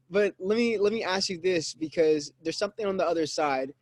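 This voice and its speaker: A man's voice: high-pitched, fairly quick, hardly any pauses, no echo. A man hosting a conversation, recapping his guest's points and hyping him up. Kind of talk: conversational interview.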